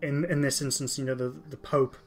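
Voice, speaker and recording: A man hosts a podcast, discussing things casually and with real enthusiasm while repeatedly stopping to restart his sentences. He has a medium-pitched, slightly mellow voice with fairly even intonation, backed by soft music.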